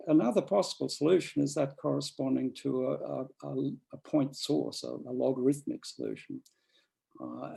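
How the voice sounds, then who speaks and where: A man's voice: medium pitch, creaky, dark tone, husky, poor audio. A man giving an academic seminar talk, rambling with frequent restarts and fillers. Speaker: lecturer.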